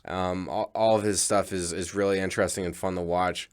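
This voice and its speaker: A man co-hosting a podcast, talking in a halting way and searching for words in casual chat. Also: low-pitched, steady tone, clean tone.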